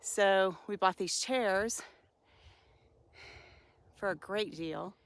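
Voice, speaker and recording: A woman's voice: medium pitch, extremely slow, no room sound. A woman vlogging outdoors, chatty and out of breath while hauling heavy chairs uphill. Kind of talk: casual vlog narration. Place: outdoors on a mountain lot.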